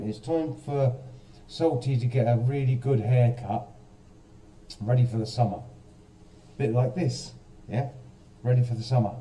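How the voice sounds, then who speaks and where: A man's voice: medium pitch, darkish tone, far from the mic. A man hosting a casual live stream, chatting straight to viewers and quizzing them, with a self-mocking manner.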